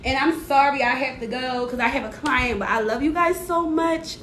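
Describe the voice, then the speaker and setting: A woman's voice: normal speed, a bit bright. A woman giving a casual card reading to livestream viewers, slangy and encouraging as she chats with them. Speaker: spiritual reader on a livestream. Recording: echoey room with faint rumble.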